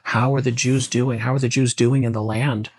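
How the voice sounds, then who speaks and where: A man voicing a kindly holy old man who speaks in a soothing, reassuring way, with a gravelly, husky voice. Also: mid-range voice, flat delivery, moderate pace, no room sound, voice pushed up, lightly acted.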